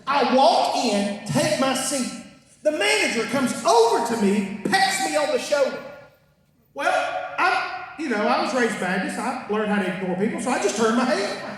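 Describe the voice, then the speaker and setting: A man's voice: very high-pitched, big pitch swings, moderate pace, a bit bright. A man doing a stand-up set, telling folksy stories with punchlines and asides to the crowd. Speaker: stand-up comedian. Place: large concert hall with a live crowd. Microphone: stage mic heard from far off in the audience. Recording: echoey hall recorded from far back in the audience.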